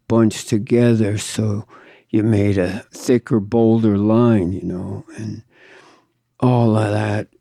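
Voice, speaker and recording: A man's voice: fairly low pitch, vocal fry, dark tone, dry recording, studio quality. An older man from Southern California, a tattoo artist telling stories in a laid-back, profane drawl as an interview guest. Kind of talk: casual storytelling.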